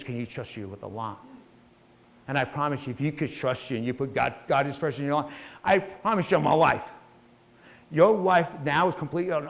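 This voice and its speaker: A middle-aged man giving an impassioned, preachy motivational speech, swinging between hushed and loud and swearing casually. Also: on the high side. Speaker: motivational speaker.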